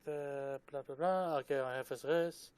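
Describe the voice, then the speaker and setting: A man running a tabletop game session, casual and hesitant, muttering quiet asides as he checks his notes. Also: mid-range voice, moderate pace, smooth, no echo. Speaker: game master.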